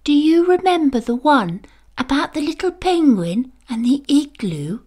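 A woman's voice: high-pitched, very animated, measured pace, dark tone, pitched above the performer's own voice. A woman voicing a loving grandmother bee in a children's storybook, fond and coaxing.

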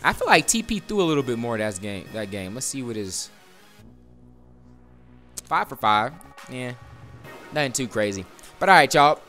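A man giving casual, rambling commentary over his own video game match, with sudden bursts of excitement during big plays. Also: medium pitch, moderate pace, pauses often, faint music behind. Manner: laid-back, rambling storytelling with bursts of excitement. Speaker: gaming video creator. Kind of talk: live gameplay commentary.

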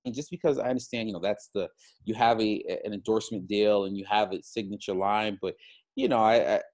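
A man with a fairly low voice co-hosts a podcast in easy casual chat. He rambles, circles back on himself and fills his pauses with "you know" and "uh.". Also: steady tone, a little mellow. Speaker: podcast co-host.

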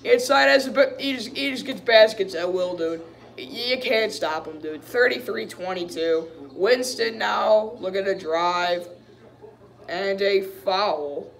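Excitable young-sounding fan man calling a game. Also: high-pitched, slow pace, vocal fry. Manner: excitable, frustrated partisan fan who keeps saying "dude". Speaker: fan reaction host. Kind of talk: live play-by-play fan reaction.

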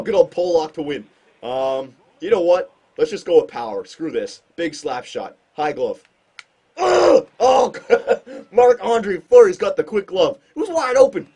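A man doing casual gameplay commentary on a hockey shootout, excitable and self-mocking, with sudden outbursts. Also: on the high side, slightly rough. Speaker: gaming commentator.

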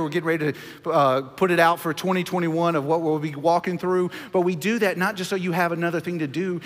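A man in his thirties preaching a sermon as pastor, earnest, dropping to a hush on key points. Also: fairly high pitch, big-room sound.

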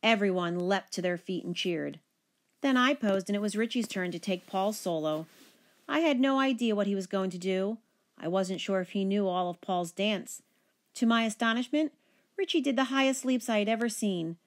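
A woman teacher reading a children's picture book aloud, with expressive, animated storytelling. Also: mid-range voice, normal speed.

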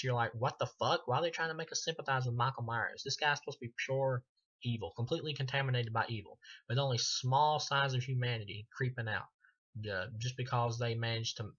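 A man giving a casual, rambling film review, swearing freely and filling pauses with ums and uhs. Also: mid-range voice, bright, forceful tone, muffled recording.

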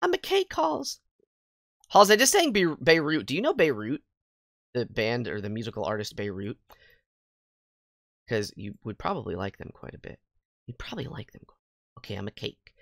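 A woman livestreaming a game, chatting with viewers in a bubbly, goofy way, jumping between squeals and quiet mutters. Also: very deep voice, big pitch swings, moderate pace, vocal fry, long pauses, no room sound, clean studio sound. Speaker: VTuber game streamer. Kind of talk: casual livestream chat with viewers. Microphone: headset mic. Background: faint game music.

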